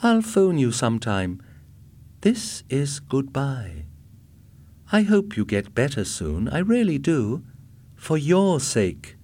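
A man reading aloud and voicing a wife who accuses her husband and then speaks in a quiet, controlled way. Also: medium pitch, very animated, slow, voice pushed up, exaggerated voice. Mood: cold. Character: anxious woman, a wife confronting husband.

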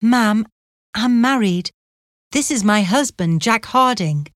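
A woman voicing a gentle, devoted young daughter who speaks softly and tenderly. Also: fairly high pitch, animated, slow, dry recording, clean studio sound. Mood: earnest, loving. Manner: soft, tender speech.

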